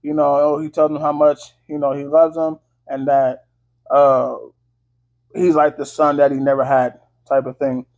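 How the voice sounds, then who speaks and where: Male vlogger, higher pitch, casual profane movie recap, filler-heavy, muffled lo-fi sound. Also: little pitch movement, measured pace, darkish tone. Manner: loose, slangy, full of fillers and swearing. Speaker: movie reviewer. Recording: dull lo-fi audio.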